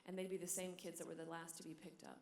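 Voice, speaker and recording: A religious sister giving a talk at a conference, telling stories with animated energy and dropping to a hushed whisper at tender moments. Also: female voice, fairly low pitch, fast talker, vocal fry, slight background noise. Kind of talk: sermon. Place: large hall. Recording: echoey hall.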